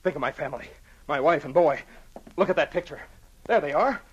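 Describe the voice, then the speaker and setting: A jumpy storekeeper. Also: male voice, a little high, brisk, breathy edge. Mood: pleading. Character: middle-aged male storekeeper, nervous and scheming. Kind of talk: old-time radio drama acting. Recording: muffled old radio recording.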